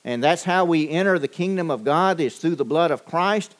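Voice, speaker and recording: A man preaching a sermon, measured and deliberate, with frequent pauses and fillers. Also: on the high side. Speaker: pastor.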